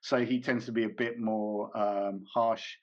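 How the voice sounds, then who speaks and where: A man's voice: fairly low pitch, flat delivery, unhurried. A man being interviewed as a comedian and actor, talking casually and hesitantly with many fillers, restarts and small laughs. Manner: rambling, hesitant, frequent fillers and self-corrections, laughs often. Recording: dull lo-fi recording.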